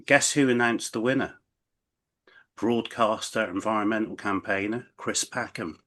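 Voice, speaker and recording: A man's voice: lowish voice, normal speed, sharp tone. A man co-hosting a podcast, chatting casually and stumbling through restarts and fillers as he tells a story. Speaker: podcast co-host. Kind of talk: casual chat.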